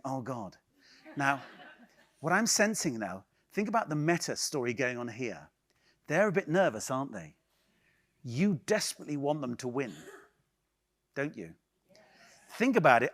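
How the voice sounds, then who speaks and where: An Englishman runs a lively improv workshop in a conference hall, bantering and teasing volunteers in front of a live audience. His voice is medium-pitched and a bit bright.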